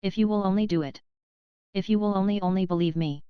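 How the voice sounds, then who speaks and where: A woman's voice: medium pitch, fast, smooth, no room sound, highs cut off, close to an everyday voice. A woman reading a desperate pleading young wife. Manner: pleading, frantic, broken phrases.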